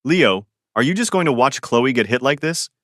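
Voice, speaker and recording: A man's voice: mid-range voice, lively intonation, moderate pace, fairly bright tone, no echo, studio quality, close to an everyday voice. A man voicing a scheming young man who whines and defends himself in a storybook reading. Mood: accusing.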